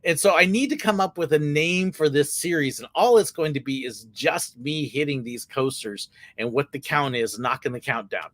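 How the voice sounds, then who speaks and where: A man's voice: fairly high pitch, normal speed, hardly any pauses, fairly bright tone, no room sound. A middle-aged man hosting a casual livestream, answering viewer questions in a candid, chatty way with plenty of filler words. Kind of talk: casual live Q&A chat.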